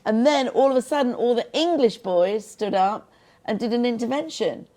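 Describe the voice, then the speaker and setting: A woman's voice: fairly high pitch, normal speed, warm tone. A middle-aged woman, a film director and guest, talking earnestly in an interview and telling stories with quoted voices. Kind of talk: interview conversation.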